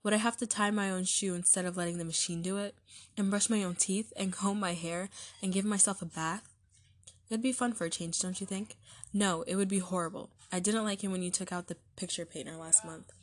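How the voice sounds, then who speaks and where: A woman's voice: mid-range voice, steady tone, fairly quick, natural voice. A woman voicing a sullen, spoiled boy in a storybook reading, answering coldly and sharply. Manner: cold, sharp replies.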